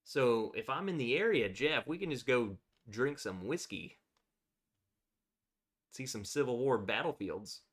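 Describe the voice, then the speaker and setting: A man's voice: mid-range voice, animated, unhurried, a bit bright. A man hosting a casual livestream, chatting freely, laughing often and reacting to viewer comments. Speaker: livestream host.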